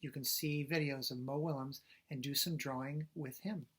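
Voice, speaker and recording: A man who teaches preschool, talking gently to young children and explaining books with ums and uhs. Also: medium pitch, fairly even intonation, moderate pace, husky. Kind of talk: reading aloud to young children.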